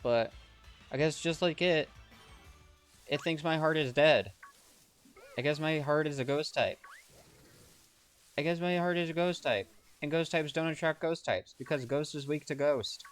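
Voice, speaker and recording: A man's voice: fairly high pitch, moderate pace, pauses often, faint music behind. A man live-streaming a game, chatting casually with viewers in a playful, melodramatic, teasing way. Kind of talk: casual gaming stream chat.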